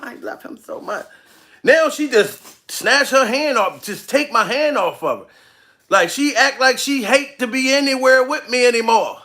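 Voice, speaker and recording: Male comic, very high and bright, gravelly, profane laughing rant. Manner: profane, frequent laughs, addresses target directly. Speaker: comedian streaming live. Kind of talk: comedic rant to camera.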